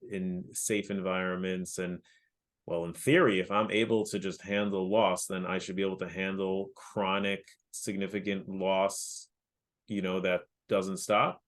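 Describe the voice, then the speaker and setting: A man hosting a podcast, asking long, searching questions that restart and circle. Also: low voice. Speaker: podcast host. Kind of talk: podcast interview.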